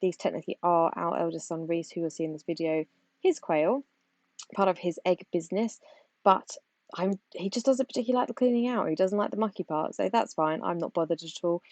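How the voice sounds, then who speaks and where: Chatty British woman, low voice. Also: a little fast, a little mellow, no echo. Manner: rambling, chatty explaining while doing chores. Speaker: vlogger and backyard poultry keeper. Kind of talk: casual chatty vlog. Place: back garden outdoors. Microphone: phone held while working.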